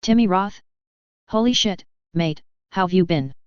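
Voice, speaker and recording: Brief: cocky male British sergeant, brash and slangy, low smooth voice, read by a woman, dry dull recording. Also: unhurried, dry recording, close to an everyday voice.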